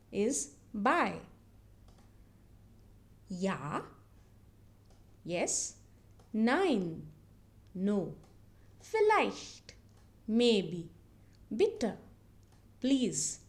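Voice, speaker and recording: A woman teaching a language lesson, saying each phrase slowly and repeating it word by word. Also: medium pitch. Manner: repeats words syllable by syllable, drawn out. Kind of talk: slow, deliberate language lesson.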